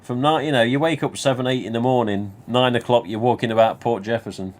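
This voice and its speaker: A fast-talking man from England with a Nottingham accent and a mid-range, fairly even voice hosts a livestream. He tells a long, rambling personal anecdote, chatty and full of asides, many you-knows, and mild swearing.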